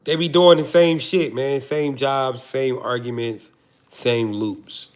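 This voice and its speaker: A man's voice: mid-range voice, steady tone, slow. A man, hosting a livestream and joking profanely to his chat before preaching his point. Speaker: livestream host. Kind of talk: casual livestream talk to chat.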